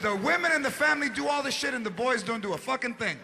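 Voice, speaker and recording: A man doing stand-up comedy, loud, brash and profane, dropping Spanish phrases, on stage at a large venue. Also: very high voice, animated, quick pace, creaky. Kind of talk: stand-up routine. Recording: live show with crowd laughter and noise.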